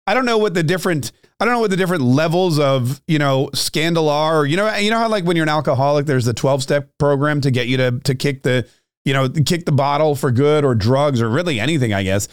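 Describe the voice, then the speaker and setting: A man's voice: fairly high pitch, fast, smooth, no room sound, clean studio sound. Joking, rambling male podcast host. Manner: joking, self-mocking asides; restarts and trails off often. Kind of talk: rambling political commentary.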